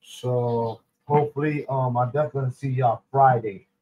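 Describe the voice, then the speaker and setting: A man's voice: medium pitch, steady tone, normal speed, mellow, dull audio. A young man with a New York accent chatting casually to his viewers, loose and slangy with many ums and restarts. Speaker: streamer host. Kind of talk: casual chat.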